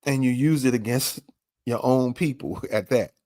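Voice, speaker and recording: A man's voice: mid-range voice, moderate pace, mellow, no room sound, clean studio sound. A man hosting a podcast, commenting on a clip with emphatic, repeated rhetorical questions. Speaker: podcast host.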